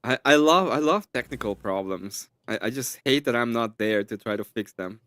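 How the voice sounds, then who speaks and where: A man's voice: medium pitch, lively intonation, moderate pace, fairly bright tone, no echo. Stammering, joking male stream co-host. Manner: joking, stammering, laughs often. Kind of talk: casual live-stream banter.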